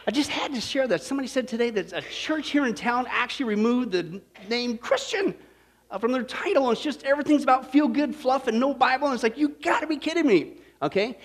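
A male pastor preaching a sermon in a jokey way, talking with his audience and checking in with "right?" and "okay?". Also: high voice.

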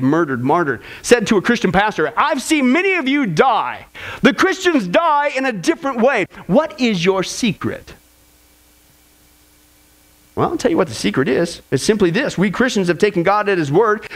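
A male pastor preaching a sermon in a strikingly high voice. He is emphatic and earnest and leans hard on key phrases to press his point home. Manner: emphatic, rising to a high pitch on quotes.

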